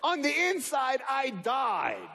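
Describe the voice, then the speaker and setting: This young motivational speaker's voice is very high, gravelly, and sharp, swooping wildly in pitch at a slow pace. Performing for a live audience at a large venue, he tells a story playing both sides of the conversation, with slight background noise in the reverberant hall.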